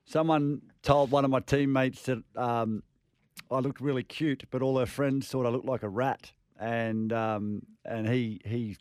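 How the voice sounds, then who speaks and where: A man's voice: medium pitch, fairly even intonation, measured pace, darkish tone, clean tone, no room sound. A man co-hosting a sports radio show, laid-back and easygoing in a studio. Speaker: radio co-host.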